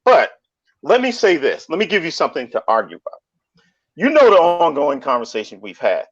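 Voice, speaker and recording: A man talking in a casual online debate, animated, often repeating and restarting his phrases. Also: on the high side, fairly quick. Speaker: panelist in online discussion. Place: lives in Colombia. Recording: dull lo-fi stream audio.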